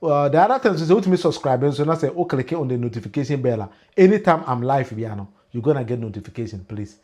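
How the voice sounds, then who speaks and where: A Ghanaian man hosting a political livestream, talking in animated commentary that mixes Twi and pidgin English, with emphatic rises and frequent laughs. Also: mid-range voice, quick pace.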